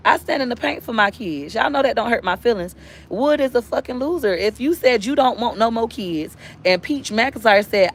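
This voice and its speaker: A woman and mother giving a blunt, profane parenting rant to her followers, rising to near-shouts for emphasis. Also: a little high, fairly quick. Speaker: mother and online seller. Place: inside a car.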